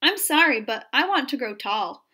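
A woman's voice: sits high, animated, normal speed, sharp tone. A woman doing an earnest, pleading young boy. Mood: wistful.

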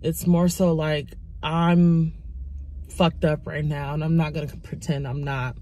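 A woman in her twenties, tearful from crying, talking haltingly and candidly into her phone in a confessional vlog. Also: deep voice, level tone, warm tone, slight background noise. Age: 20s. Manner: halting, raw and candid, many pauses. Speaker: YouTuber.

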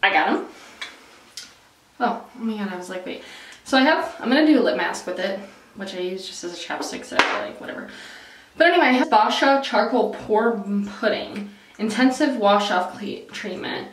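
A woman's voice: mid-range voice, animated, normal speed, distant mic, heavy background noise. A young woman vlogging in a casual, rambling way, full of "like" and "um", breaking off mid-sentence. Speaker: beauty vlogger. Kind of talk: casual rambling chat to camera. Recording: roomy echo, voice off-mic.

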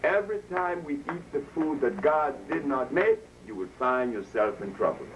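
Speaking at a normal speed in an animated mid-range voice, this man chats casually with a live audience during an informal health talk. He tells stories, chuckles at his own jokes, and imitates the voices of those he quotes, captured by a distant mic with faint noise.

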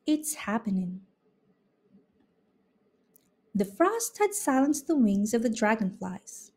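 A woman reading a children's picture book aloud in an expressive, unhurried way. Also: on the high side. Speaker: storybook reader. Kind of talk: children's read-aloud narration.

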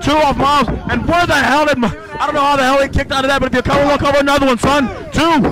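A man calling a live wrestling match play by play, excitable and often shouting. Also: very high-pitched, quick pace. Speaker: wrestling commentator. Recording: loud background noise.

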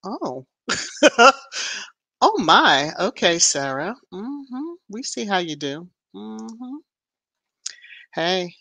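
A woman's voice: mid-range voice, big pitch swings, very slow, gravelly, long pauses, no room sound. A woman hosting a casual live stream, greeting viewers one by one by name and lifting her voice on each greeting. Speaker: livestream host. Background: soft background music.

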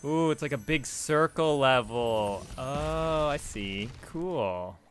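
A man's voice: mid-range voice, animated, takes it slowly. Man, let's play host, chatty, rambling, laughs a lot, faint game music behind. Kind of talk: casual gameplay commentary.

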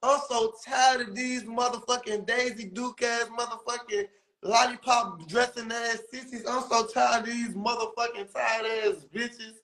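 High-voiced man ranting profanely. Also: steady tone, unhurried, a bit bright, poor audio. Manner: profane, exaggerated ranting, mocking falsetto impressions. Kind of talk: comedic rant.

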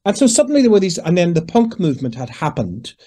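Man, Northern Irish accent, fifties, dark mellow voice, rambling animated anecdotes. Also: sits high, fast talker, husky. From Northern Ireland. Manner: animated, digressive, acts out quoted voices. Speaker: interview guest, singer. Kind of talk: conversational storytelling.

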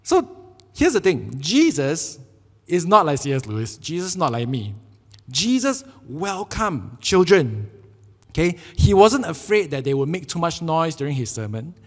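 Animated Singaporean pastor in a reverberant hall. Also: male voice, a little high, unhurried. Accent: Singaporean English. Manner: animated, jokey storytelling with acted quotes. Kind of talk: sermon. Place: church sanctuary.

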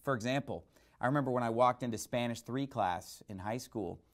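A man's voice: medium pitch, fairly quick. A male pastor preaching a sermon emphatically, asking and answering rhetorical questions.

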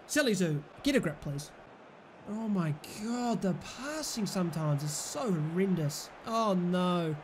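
A young British man giving live commentary over a football video game, exasperated and often yelling at his players and the referee. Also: high voice, animated, a little slow, a little hiss or hum. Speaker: gaming YouTuber.

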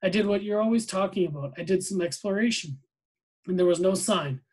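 A sad young boy with quiet, sorrowful replies, speaking in a read-aloud novel, as a man gives him voice. His voice sits a little on the high side. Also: brisk, breathy edge. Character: sad, thin young boy behind a fence.

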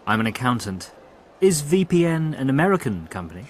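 A man voicing a polite male accountant in a textbook listening dialogue, clear and careful. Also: mid-range voice, sing-song, brisk, slight background noise, close to an everyday voice.

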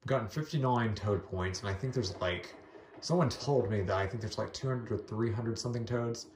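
A man's voice: on the low side, moderate pace, darkish tone, echoey room, a little hiss or hum. A man giving casual gameplay commentary, giggling and making fun of his own skills. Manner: giggly, self-deprecating chatter. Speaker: let's play host.

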